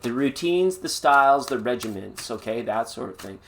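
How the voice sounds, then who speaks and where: A man's voice: mid-range voice, lively intonation, normal speed, vocal fry, few pauses. A man doing a live-stream tarot reading in a chatty, playful way with sing-song asides. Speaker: tarot reader.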